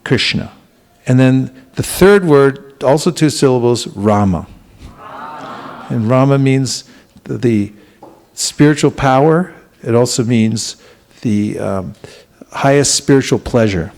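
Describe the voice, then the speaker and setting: Unhurried man teaching a congregation. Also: mid-range voice. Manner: gentle, unhurried, with frequent restarts and questions to the audience. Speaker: spiritual teacher. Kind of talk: talk to a congregation. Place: temple hall.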